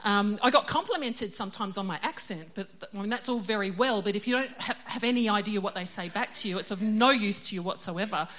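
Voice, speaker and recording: A woman's voice: mid-range voice, fast talker, hardly any pauses, a bit bright. A middle-aged woman giving a casual, chatty sermon. She is self-deprecating and laughs often. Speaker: preacher.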